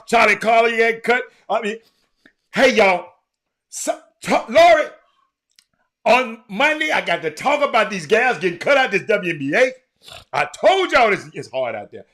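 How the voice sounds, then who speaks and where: A man hosting a casual show, talking in a loose, animated way that drifts between loud calls to the audience and low mutters. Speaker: show host. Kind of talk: casual live-stream chat.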